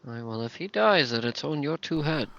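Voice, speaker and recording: A man's voice: a little high, expressive, fairly quick, vocal fry, a bit bright. A man playing a tabletop game, speaking bluntly in and out of character. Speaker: player. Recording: slightly muffled, dry audio.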